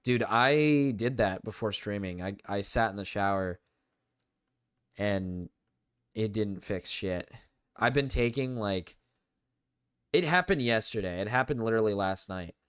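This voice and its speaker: A man's voice: lowish voice, animated, unhurried, long pauses, a bit bright, clear, resonant tone. A young man with a cold, swearing and complaining in frustration as he commentates a live gaming stream. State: sick with a cold.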